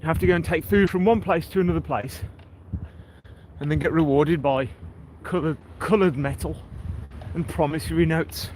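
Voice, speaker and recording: A man's voice: a little high, fairly even intonation, normal speed, darkish tone, a little hiss or hum, rough recording. A man, hosting a casual walking livestream by the sea and chatting to his viewers by name. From England. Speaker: livestream host. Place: outdoors on a seaside breakwater.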